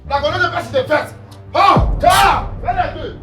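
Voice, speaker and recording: An actor with a Nigerian accent playing a furious jilted young man who shouts and repeats his demand for his money back. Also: extremely high pitch, moderate pace, recorded from a distance. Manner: shouting, repetitive ranting. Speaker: angry suitor demanding money. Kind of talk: Nollywood film acting. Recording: echoey room with film music.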